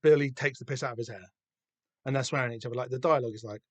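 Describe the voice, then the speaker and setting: A man with a Southern English accent hosting a podcast, chatting casually and excitedly about a comic, swearing freely and rambling with lots of fillers. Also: mid-range voice, racing, dry recording. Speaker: podcast host. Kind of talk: casual comic book discussion.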